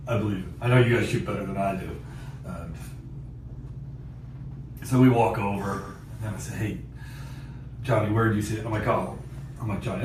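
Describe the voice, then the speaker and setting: A man hosting a podcast, telling a hunting story in a casual, animated way, laughing often and acting out what people said. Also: on the low side. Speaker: podcast host. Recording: echoey distant mic with background noise.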